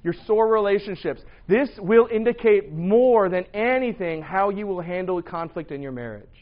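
A loud, animated man in his thirties gives a casual sermon, breaking into joking asides. His voice sits a little high for a man. The recording sounds dull and lo-fi. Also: normal speed. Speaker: preacher. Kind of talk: casual sermon to young adults.

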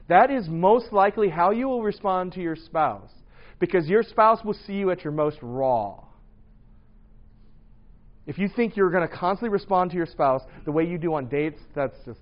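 Loud, animated preacher man, lo-fi sound. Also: on the high side. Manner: loud, animated, joking asides. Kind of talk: casual sermon to young adults. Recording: dull lo-fi recording.

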